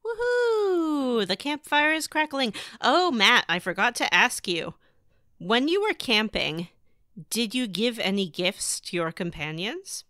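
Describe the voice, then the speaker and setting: Lively, bright-voiced woman podcaster. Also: medium pitch, measured pace, no room sound, clean studio sound. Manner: playful, jokey, does silly voices in retellings. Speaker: podcast co-host. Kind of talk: casual chat recapping a video game.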